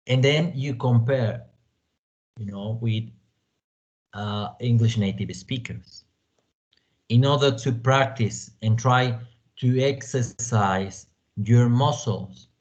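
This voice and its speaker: A man from Mexico teaching an online language class, speaking deliberately and often dropping in "you know" as a filler. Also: mid-range voice, a little mellow. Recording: dull lo-fi audio.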